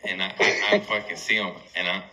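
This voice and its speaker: A man's voice: low voice, flat delivery, a little fast, very noisy. A man doing stand-up, telling a rambling, profane story and laughing through it, played as a clip on a radio show. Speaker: stand-up comedian.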